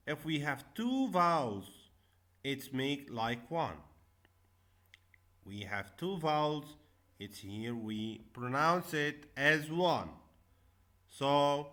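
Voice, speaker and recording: A man teaching a classroom English lesson, repeating each word and stressing the syllables loudly. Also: mid-range voice, big pitch swings, takes it slowly.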